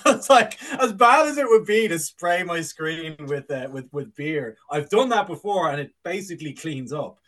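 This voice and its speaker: Jokey high-voiced man bantering on a podcast. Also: lively intonation, normal speed, hardly any pauses, fairly bright tone. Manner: jokey, puts on silly voices and accents, laughs a lot. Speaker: podcast co-host. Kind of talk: casual banter.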